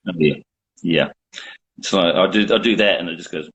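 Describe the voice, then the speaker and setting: A man's voice: low-pitched, normal speed, a bit bright, poor audio. A middle-aged man chatting as a guest on a video call, rambling with dry, self-mocking humor. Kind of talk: casual chat.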